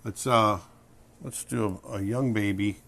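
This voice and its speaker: A middle-aged man narrating a drawing tutorial, relaxed and thinking aloud as he sketches. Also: fairly low pitch, unhurried, creaky. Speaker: drawing instructor.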